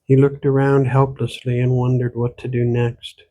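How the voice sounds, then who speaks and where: A man, the author, reading his own gothic horror novel aloud in steady, measured storytelling. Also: medium pitch. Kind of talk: audiobook narration.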